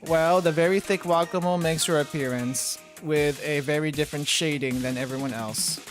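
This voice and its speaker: A man's voice: fairly high pitch, moderate pace, faint music behind. Casual male streamer reacting wryly. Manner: casual and wry, reacting aloud. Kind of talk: gameplay commentary reading game dialogue.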